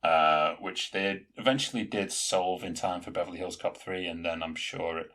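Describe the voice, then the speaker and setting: A man's voice: sits low, fairly even intonation, normal speed, a bit bright. A man co-hosting a podcast in casual chat, rambling through film trivia. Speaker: podcast co-host.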